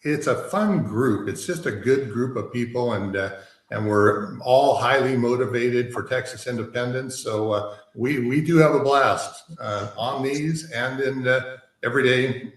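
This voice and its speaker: A man moderating an online meeting in a relaxed, chatty way with frequent fillers. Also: medium pitch, unhurried, reverberant. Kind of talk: casual video-call meeting.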